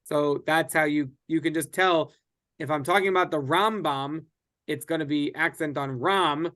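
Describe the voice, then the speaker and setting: A man's voice: fairly high pitch, fairly even intonation, moderate pace, fairly bright tone. A man teaching a casual Bible study class, speaking conversationally with frequent restarts and fillers.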